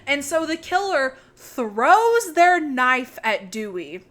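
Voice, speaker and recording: A woman's voice: sits high, sing-song, slow, fairly bright tone. A woman co-hosting a podcast, recapping a movie plot in a casual, chatty way with some swearing. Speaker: podcast co-host.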